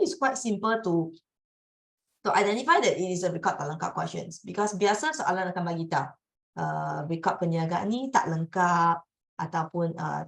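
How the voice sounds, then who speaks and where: A woman's voice: lowish voice, creaky. Woman, Malaysian accent, tutor, exam-prep lesson, code-switching, checks understanding. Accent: Malaysian English. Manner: mixes Malay and English, coaxing checks for understanding.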